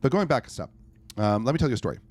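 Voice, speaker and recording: A man's voice: mid-range voice, very fast, dry recording. A man, a life coach and podcast guest, talking emphatically and telling stories in a conversational interview. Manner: emphatic, animated storyteller.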